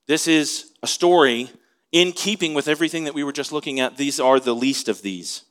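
A man's voice: on the high side, normal speed, a bit bright. A man preaching an expository sermon in a conversational way, asking his listeners questions as he teaches. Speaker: pastor.

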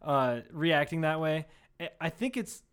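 A male podcast co-host telling rambling stories in casual chat. His voice sits a little high, he swears freely and laughs often. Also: expressive, measured pace, fairly bright tone, clean tone.

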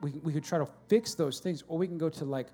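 A man with a high voice preaches a sermon in a church. He is animated, bursting into loud acted-out shouts and then dropping to quiet, earnest talk. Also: quick pace, faint music behind. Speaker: pastor.

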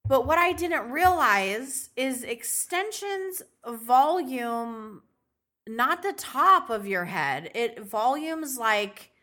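A woman's voice: on the high side, slow. A woman co-hosting a podcast, chatting casually and telling stories with quoted back-and-forth. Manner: chatty, animated storytelling with quoted dialogue. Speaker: podcast co-host. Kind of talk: casual chat.

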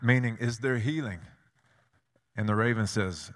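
A male preacher delivering a sermon at a middle pitch, his voice trailing off into a long reverb that fills the church sanctuary. He tells stories, asks rhetorical questions and hammers ideas home through repetition. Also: fairly even intonation, normal speed, a bit bright.

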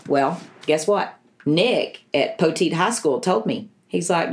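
A woman's voice: sits low, lively intonation, slow. Earnest middle-aged woman telling her story. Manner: earnest, emotional storytelling with many restarts. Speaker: interview guest. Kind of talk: personal testimony in conversation.

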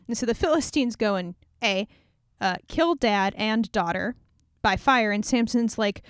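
A young woman tells an old story casually, dropping sarcastic asides as she goes. Her voice sits a little high. The recording is dry and close, with no room sound. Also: animated, normal speed, no room sound. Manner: irreverent, chatty, sarcastic asides. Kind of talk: casual retelling of a scripture story.

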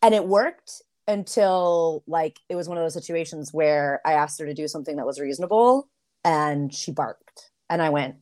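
A middle-aged woman in casual conversation on a podcast, telling stories with lively acted-out dialogue. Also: low-pitched, normal speed. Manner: animated storyteller, acts out quoted dialogue.

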